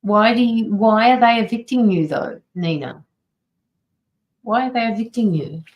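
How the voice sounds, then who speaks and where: A woman's voice: on the high side, normal speed, highs cut off. A woman tarot reader and medium, chatting casually on a livestream from her home studio, sympathetic and greeting viewers by name.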